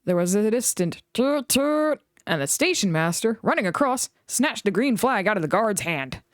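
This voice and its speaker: A woman reading a children's storybook aloud in an expressive way. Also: medium pitch, moderate pace, no echo, clean studio sound. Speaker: reader.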